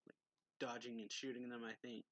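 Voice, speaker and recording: A man's voice: mid-range voice, little pitch movement, a little fast, fairly bright tone, dry recording, low-quality recording. A man reviewing a manga chapter in a casual, rambling recap full of fillers. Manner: rambling, filler-heavy, laughs often. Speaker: anime reviewer.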